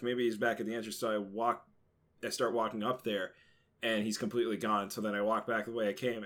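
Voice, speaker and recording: A man's voice: medium pitch, fairly bright tone. A young man telling a childhood story in casual chat, hesitant and full of fillers.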